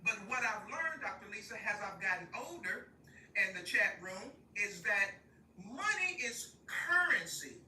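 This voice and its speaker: An older woman giving life advice on a livestream from a park, talking to her audience in a lively, folksy way with lots of laughter. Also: mid-range voice, a little slow, slight background noise. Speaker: guest speaker. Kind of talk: casual livestream talk. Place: outdoors at a park. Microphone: phone held while walking. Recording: roomy, distant phone audio with faint ambience.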